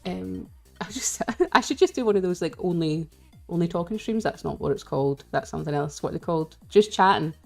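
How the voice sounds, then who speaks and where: A woman's voice: lowish voice, expressive, fairly quick, vocal fry, a little mellow, soft background music. Chatty Scottish woman streamer. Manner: chatty and giggly, greets viewers, rambling asides. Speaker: game streamer. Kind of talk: casual live-stream chat.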